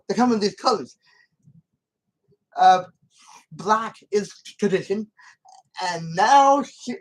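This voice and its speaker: A channel host with a mid-range voice talks through a film scene in loose, casual commentary, heard over poor audio. He rambles and circles back with frequent false starts and repetition, growing emphatic when he argues with the character.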